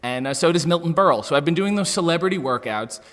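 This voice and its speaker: A Canadian man, a professional wrestler, joking through an interview with mock-serious, deadpan wit. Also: fairly high pitch, fast talker. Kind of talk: comedic interview banter. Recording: roomy reverb.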